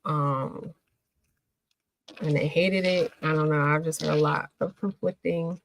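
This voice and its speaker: A woman hosting a casual livestream, chatting with viewers and answering their comments in an emotional, animated way. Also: deep voice, measured pace, slight background noise, poor audio. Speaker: livestream host.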